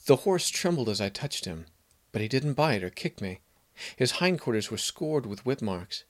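A man narrating a fantasy story in a measured, even storytelling manner. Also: lowish voice.

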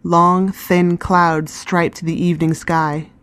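A woman giving calm, scripted first-person narration of a fantasy story. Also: fairly low pitch, takes it slowly, clear, resonant tone.

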